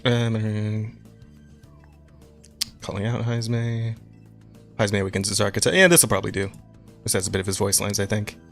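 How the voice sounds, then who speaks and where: A man's voice: fairly low pitch, moderate pace, creaky, pauses often, fairly bright tone, faint music behind. A young man co-hosting a casual podcast, talking about games in an enthusiastic, rambling way, swearing and laughing often. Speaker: podcast co-host.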